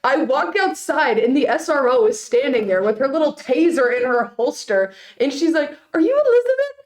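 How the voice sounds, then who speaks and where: A young woman in her late teens, co-hosting a student podcast and telling an animated story full of "like". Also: sits high, moderate pace. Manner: animated storytelling, heavy use of "like". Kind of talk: casual chat.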